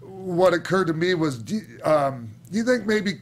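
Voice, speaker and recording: A podcast host with a somewhat high voice asks casual questions. He restarts his sentences often as he works toward the point. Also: expressive, measured pace. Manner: loose, searching questions full of restarts. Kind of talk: casual interview.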